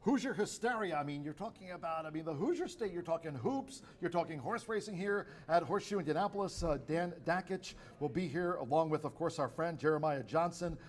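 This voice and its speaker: A man co-hosts a horse racing show, running through upcoming events in a jokey, promotional way. His voice sits a bit high for a man. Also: lively intonation, fairly quick, hardly any pauses. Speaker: racing program co-host. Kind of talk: casual chat, promo talk.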